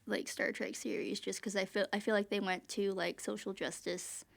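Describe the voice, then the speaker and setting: A woman co-hosting a podcast, talking in casual chat with quick, filler-heavy asides. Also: mid-range voice, level tone, gravelly. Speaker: podcast co-host.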